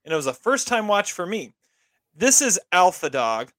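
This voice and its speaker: A man's voice: sits high, very animated, fairly bright tone, slight background noise. A man hosting a casual movie podcast and running a trivia quiz. He often stumbles and repeats words as he talks. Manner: halting, repeats words while talking.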